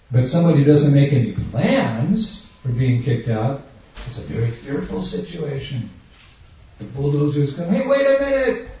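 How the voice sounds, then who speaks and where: An animated, dark-toned man with a mid-range voice speaks unhurriedly with long pauses. A spiritual teacher sermonizing to an audience in a large room, he's emphatic and questioning and acts out daily scenes in different voices. The distant-mic recording has a dull, echoey hall sound.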